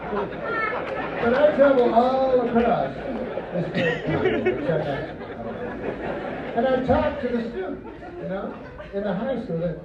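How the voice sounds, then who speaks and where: A deadpan male comedian rambles through a stand-up set in a high, light voice. The recording is muffled and roomy, picked up from far back in a comedy club, with a loud crowd laughing around him. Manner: deadpan, rambling asides with mock-earnest quoted voices. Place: comedy club stage before a live audience. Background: audience laughter and crowd noise.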